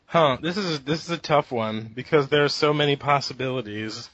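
A man's voice: medium pitch, normal speed, a bit bright, no echo. Man, podcast co-host, casual hesitant chat, dry muffled mic. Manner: hesitant, laughing, thinking aloud.

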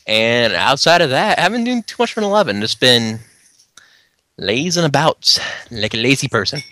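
A man's voice: medium pitch, very animated, moderate pace, pushed and bright, no echo. A man co-hosting a casual podcast, chatting in a laid-back, tipsy way about an online game. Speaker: podcast co-host. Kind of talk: casual gaming chat.

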